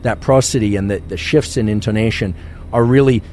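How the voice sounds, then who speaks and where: A male scientist giving a calm, measured science podcast lecture. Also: fairly low pitch, a little hiss or hum.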